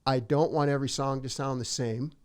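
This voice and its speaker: A man's voice: mid-range voice, steady tone, a little fast, darkish tone. A middle-aged man, a singer-songwriter, talking casually and reflectively in an interview, rambling a little and acting out his own past thoughts.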